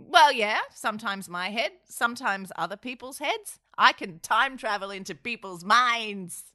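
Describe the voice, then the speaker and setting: A woman's voice: fairly high pitch, animated, a little slow, sharp tone. A woman co-hosting a podcast, teasing her partner sarcastically and laughing often. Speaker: podcast co-host. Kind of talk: casual banter.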